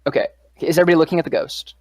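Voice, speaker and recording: A woman's voice: low voice, fairly even intonation, rapid-fire, a little mellow, no echo, poor audio. Casual woman narrating a tabletop game. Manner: casual, lots of "like" and "uh". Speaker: dungeon master.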